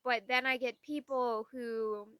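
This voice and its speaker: This young adult woman's voice sits on the high side, clear and resonant with a fairly bright tone, fairly even intonation and an unhurried pace, and there's no echo. As a vlogger talking casually to the camera, she relates candid, exasperated stories and mimics the voices of people she quotes.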